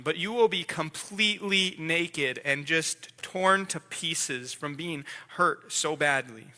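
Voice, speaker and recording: God the Father speaks urgently and tenderly to his son, voiced by a man in a sermon, repeating his words as he presses on. The voice sits high and very bright. A long hall reverb trails every phrase. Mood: grave. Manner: intense, pleading, repeats words. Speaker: pastor. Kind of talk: dramatic sermon role-play. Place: church sanctuary.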